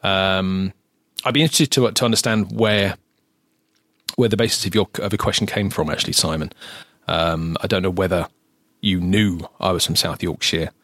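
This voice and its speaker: A man's voice: low-pitched, fairly even intonation, moderate pace, a bit bright, no room sound, clean studio sound. Chatty southern English man hosting a podcast. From south of England. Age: adult, lived ten years in current home. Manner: chatty, hesitant with many restarts. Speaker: podcast host. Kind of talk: casual podcast chat.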